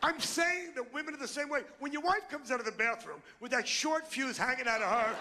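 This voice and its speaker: High, gravelly ranting stand-up comic man. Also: lively intonation, brisk, hardly any pauses, over a noisy crowd, very noisy. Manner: loud, ranting, insulting delivery. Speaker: stand-up comedian. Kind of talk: stand-up comedy routine. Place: comedy club stage with a live audience.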